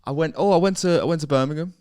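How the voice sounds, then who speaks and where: A man's voice: on the high side, racing, a little mellow. A man co-hosting a comedy podcast, telling rambling anecdotes in casual banter and swearing freely.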